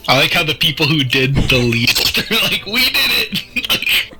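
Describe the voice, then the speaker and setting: A man's voice: medium pitch, expressive, normal speed, bright, forceful tone, breathy edge, soft background music. A man playing a tabletop game, chatting casually and amused. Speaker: player.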